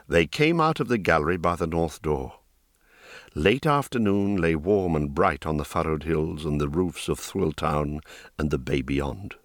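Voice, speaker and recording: A man's voice: deep voice, animated, a little slow, dry recording, studio quality. Man narrating a fantasy story. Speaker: audiobook narrator. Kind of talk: scripted narration.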